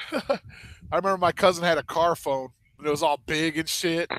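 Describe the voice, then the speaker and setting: A young man co-hosting a podcast, telling stories in an animated way with laughter and swearing. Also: fairly high pitch, moderate pace. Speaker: podcast co-host. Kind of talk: casual chat, storytelling.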